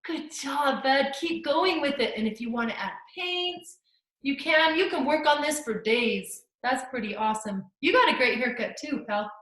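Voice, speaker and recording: Woman art teacher, high voice, gushing encouragement, video call, echoey room. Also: expressive, moderate pace, a bit bright. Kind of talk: live online kids' art class.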